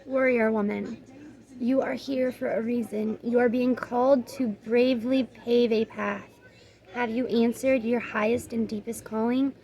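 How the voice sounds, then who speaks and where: Tarot reader, woman; calm earnest read-aloud of card meanings, slightly high voice. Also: a little slow, poor audio. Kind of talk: reading aloud from oracle card guidebook.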